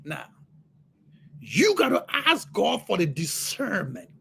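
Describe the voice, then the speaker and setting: A man preaching on a livestream as a motivational speaker, fervent, repeating words and bursting into shouts. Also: high-pitched, huge pitch swings, slow, creaky, a little hiss or hum.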